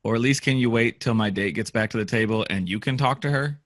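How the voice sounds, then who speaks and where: A man in a relaxed chat who jumps in with quick jokes. His voice sits in the middle range and the sound is dry and close, with no room echo. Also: medium pitch. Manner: chimes in with quick jokes and laughter. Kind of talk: casual chat.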